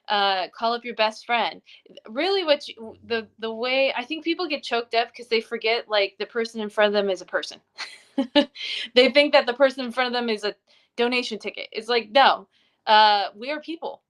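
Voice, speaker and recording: Bright-voiced earnest woman coach. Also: a little high. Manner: earnest, encouraging. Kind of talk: livestream coaching talk.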